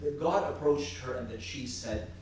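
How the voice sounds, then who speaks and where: A man teaching a church class and retelling saints' stories, halting and repeating words as he goes. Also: mid-range voice, darkish tone, a little hiss or hum. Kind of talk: storytelling religious class talk. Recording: very echoey church from a distance.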